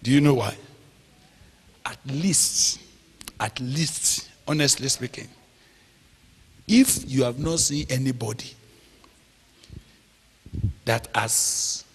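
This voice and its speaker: A man preaching a sermon, slow and emphatic, drawing out phrases and checking in with the audience. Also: medium pitch, lively intonation, slightly rough. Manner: slow, emphatic, drawn-out phrases with call-and-response questions. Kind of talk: sermon teaching. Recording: long hall reverb.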